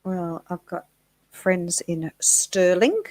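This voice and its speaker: A woman co-hosting a casual live chat show, chatty and giggly, thinking out loud. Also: lowish voice, expressive, slow, rough recording.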